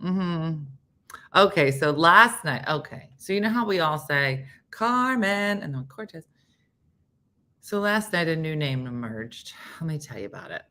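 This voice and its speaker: A woman with a low voice hosts a casual morning show, her pitch swinging widely as she tells stories. She acts out the people she quotes, laughs often and sometimes drops to a whisper. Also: animated, a little slow, sharp tone. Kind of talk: casual storytelling chat.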